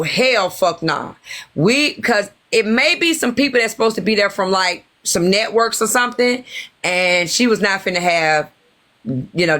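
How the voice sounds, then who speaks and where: A woman guest on a livestream, telling her theory of some gossip in an animated, conspiratorial way and checking in with the listeners often. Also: medium pitch. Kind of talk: casual gossip commentary.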